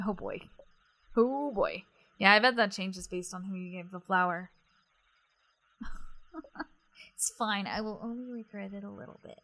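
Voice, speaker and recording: A woman's voice: medium pitch, a little slow, pauses often, sharp tone. A woman hosting a game playthrough, chatting and reading the game text aloud. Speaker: let's play host.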